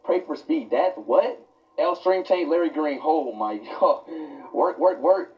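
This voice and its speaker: A man's voice: fairly high pitch, animated, a little slow. A young man live streaming on a phone, talking casually with lots of slang and getting easily spooked. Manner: loose slangy talk full of "bro", jumpy and easily scared. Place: walk-through haunted attraction. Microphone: phone held while walking. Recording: roomy far-off lo-fi phone sound with music.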